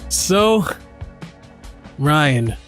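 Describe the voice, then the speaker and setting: A man's voice: a little high, big pitch swings, very slow, a bit bright, soft background music. A man co-hosting a casual comedy chat, a playful joke-teller who laughs often. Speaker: co-host.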